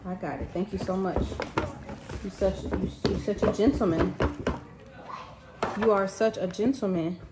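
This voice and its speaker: This cooking vlogger, a woman in her thirties, speaks in a mid-range voice, unhurried and pausing often. She chats casually to camera while cooking in her home kitchen, where the sound is echoey with faint room noise.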